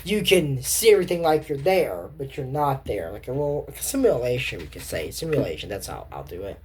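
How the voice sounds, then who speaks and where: A woman's voice: rumbling low, big pitch swings, brisk, darkish tone, breathy edge. A woman casually recapping and commenting on a cartoon episode, rambling and correcting herself as she thinks aloud. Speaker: show commentator.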